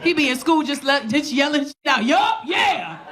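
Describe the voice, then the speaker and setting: A woman's voice: high voice, steady tone, fairly quick, very noisy. A brash, profane woman in her thirties with a New York accent, doing stand-up comedy and teasing the crowd on a club stage. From South Bronx, New York. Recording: live club recording with loud crowd laughter.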